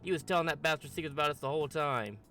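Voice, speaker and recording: A man's voice: on the high side, rapid-fire, sharp tone, distant mic, soft background music, pitched above the performer's own voice. A swaggering teenage bully growls blunt threats, read by a man for a game. He is crude and aggressive. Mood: menacing.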